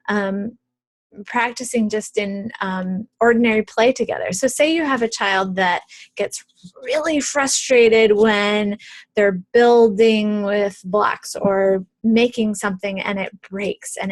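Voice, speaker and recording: A middle-aged woman, an early childhood educator, walks parents through a video tutorial step by step. She talks in a relaxed, conversational way, with plenty of ums and small restarts. Her voice sits at an everyday middle pitch and sounds close and dry, with no room around it. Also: no room sound.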